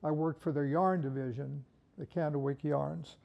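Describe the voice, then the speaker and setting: A man's voice: a little high, fairly even intonation, moderate pace, gravelly, highs cut off. An older man in the carpet trade giving an informal, folksy product talk, rambling through stories with humor.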